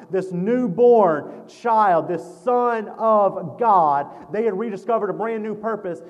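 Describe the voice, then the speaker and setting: A man's voice: high voice, darkish tone, dull audio. A man from Mississippi with a Southern accent, preaching a folksy, conversational sermon as a guest pastor. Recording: long hall reverb.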